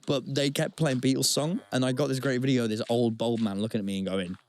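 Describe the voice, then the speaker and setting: A young man co-hosting a podcast, telling relaxed, enthusiastic anecdotes in casual chat. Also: mid-range voice, quick pace. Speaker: podcast co-host.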